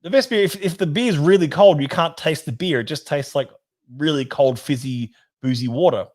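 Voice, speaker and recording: A man's voice: a little high, a little fast, darkish tone. A man hosting a casual whisky livestream, chatting loosely, reading out viewer comments and laughing easily. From Australia. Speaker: whisky society host.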